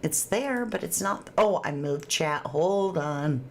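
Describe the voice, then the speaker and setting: A woman's voice: sits low, lively intonation, takes it slowly, creaky, slight background noise. A woman hosting a casual livestream, chatting and reading viewer comments aloud with frequent laughs. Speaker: true crime livestream host.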